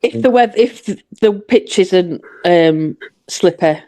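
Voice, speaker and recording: A woman's voice: fairly low pitch, takes it slowly, mellow, no room sound. Laughing Yorkshire woman, dry close sound. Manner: chatty, laughs often. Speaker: podcast co-host. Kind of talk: casual chat.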